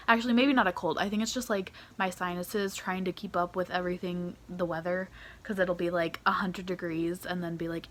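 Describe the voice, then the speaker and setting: Young woman, kinda low voice, rambly wry vlog chat. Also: a little hiss or hum. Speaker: vlogger.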